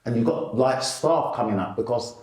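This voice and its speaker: A middle-aged male stand-up comedian, telling animated stories in a casual interview. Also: moderate pace, reverberant. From England. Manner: animated, lively storyteller who jumps up in pitch for quotes.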